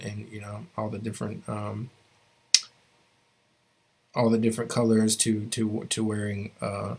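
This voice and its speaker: Low-voiced man teaching an online class. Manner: relaxed, many fillers and restarts. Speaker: language teacher.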